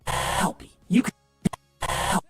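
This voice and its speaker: A woman voicing a glitchy male helper robot, eerily eager to help, in a breathy, broken game voice. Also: extremely slow, reverberant, faint music behind. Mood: eerie. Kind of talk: repeated game voice clip.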